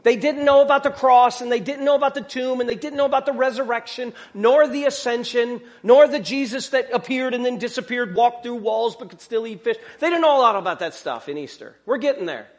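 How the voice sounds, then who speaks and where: A pastor preaching a sermon in a conversational way, full of rhetorical questions and joking asides. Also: male voice, very high-pitched, brisk, hardly any pauses.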